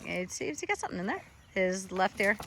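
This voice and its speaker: A woman's voice: medium pitch, sing-song, fast, a bit bright. A woman dog trainer coaching a trainee in an encouraging, instructive way.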